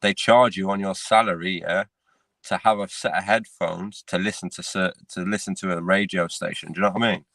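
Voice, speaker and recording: A man's voice: low-pitched, steady tone, fairly quick, gravelly, a bit bright, no echo. A man, co-hosting a casual podcast chat in a laid-back way, dropping "mate" and "innit" often. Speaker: podcast co-host.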